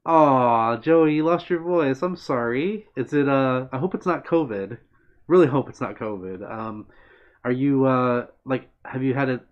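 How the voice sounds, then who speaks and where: Friendly male streamer reading chat aloud, mid-pitched, casual and rambling, dull lo-fi mic. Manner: friendly, meandering, answers chat by name. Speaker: livestream host.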